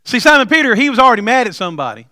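High bright preacher man. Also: big pitch swings, rapid-fire, no echo, studio quality. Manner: folksy storytelling with humor, rising to loud emphatic preaching. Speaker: pastor. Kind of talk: sermon.

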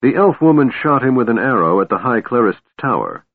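Kühle, schneidende Feldherrin, von einem Mann mit angehobener Stimme gesprochen, Hörbuch, dünner telefonartiger Klang. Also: male voice, medium pitch, sing-song, fairly quick, no echo, pitched above the performer's own voice. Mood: cold. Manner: cool, cutting, smooth. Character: cold scheming female warlord, commanding. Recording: narrow phone-like sound, dry.

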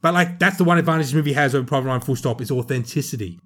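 A man co-hosting a film podcast, talking in an animated, rambling way with strong emphasis. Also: medium pitch, very fast. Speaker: podcast co-host, film reviewer. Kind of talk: casual chat.

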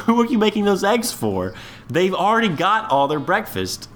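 A man's voice: high voice, huge pitch swings, unhurried, a bit bright, faint music behind. A man co-hosting a casual podcast, recapping a show in a wry, amused way. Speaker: podcast co-host.

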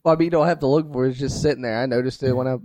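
A man's voice: medium pitch, steady tone, very fast, darkish tone, no echo. Jokey man hosting a casual chat. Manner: jokey, laughs often. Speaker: podcast host.

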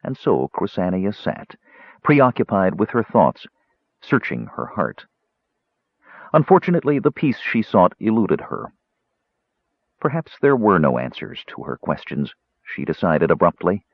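A man narrates a fantasy novel with expressive storytelling. His voice is low but moves a lot, and the recording is dry and dull. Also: measured pace, husky, no echo. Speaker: audiobook narrator.

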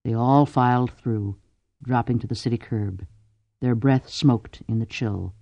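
A man narrating an audiobook in a measured, deliberate storytelling manner. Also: medium pitch, vocal fry, mellow, dry recording. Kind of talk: scripted narration.

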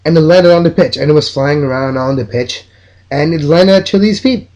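A man's voice: fairly high pitch, brisk, a little mellow, dull audio. A man from Mexico, hosting a solo soccer podcast in an enthusiastic, opinionated, rambling way.

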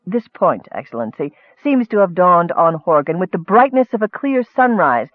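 A man's voice: high-pitched, sing-song, normal speed, no room sound. A man narrating an audiobook, with scholarly asides addressed to a superior, heard through a thin, phone-like recording.

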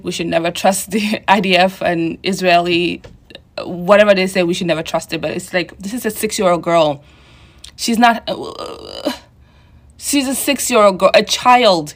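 Woman commentator, lowish pitch, emotional and halting, community radio. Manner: emotional, voice rising in anguish, halting restarts. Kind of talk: impassioned on-air commentary.

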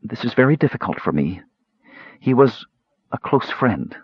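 A stern, grieving woman counselor in a storybook, as a man puts her on, clipped and formal in every phrase. The voice has a husky grain and sits in a dry, slightly muffled recording. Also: mid-range voice, very animated, normal speed, dry recording, voice pushed up. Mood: grave. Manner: terse and formal.

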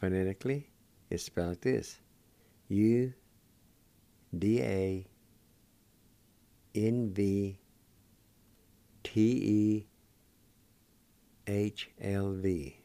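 A man's voice: lowish voice, steady tone, very slow, creaky, pauses often, warm tone, clear, resonant tone, no echo. A man hosting a radio language lesson, patiently spelling words out syllable by syllable and encouraging his listeners to practice. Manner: encouraging toward learners. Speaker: radio host teaching Cherokee words.

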